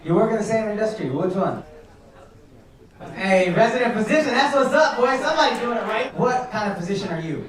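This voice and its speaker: A man's voice: high-pitched, expressive, brisk. A man doing crowd-work stand-up, brash and profane, teasing people in the audience from a club stage. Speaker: stand-up comedian. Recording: roomy club sound with loud crowd. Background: loud audience laughter.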